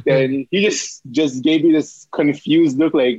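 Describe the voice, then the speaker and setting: Husky-voiced young man telling a story. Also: fairly high pitch, fairly even intonation, measured pace, darkish tone, no echo, lo-fi sound. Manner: acts out his own panicked quotes, stammering repeats. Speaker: athletic trainer guest. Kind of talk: animated storytelling.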